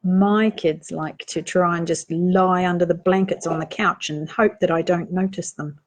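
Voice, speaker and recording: A woman with a New Zealand accent reading a children's picture book aloud, gently asking young listeners questions as she goes. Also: fairly low pitch, fairly even intonation, moderate pace, hardly any pauses. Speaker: storytime reader.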